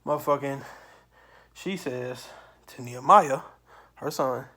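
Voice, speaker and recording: Speaking slowly in a mid-range voice, a male channel host recounts a storytime monologue. He swears freely and stays animated, now and then erupting into abrupt loud bursts.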